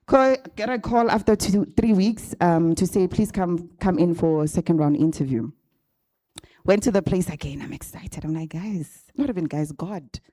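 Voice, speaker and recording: A chatty woman tells her story to a live room of graduates, often turning to them with "right?". Her voice is mellow and sits a little low, and the sound is close and dry. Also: no room sound. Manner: chatty, addresses the audience directly with frequent "right?". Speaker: guest speaker at a graduate bootcamp. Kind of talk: casual storytelling talk to a live audience. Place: event venue with a live audience. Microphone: handheld or stand microphone.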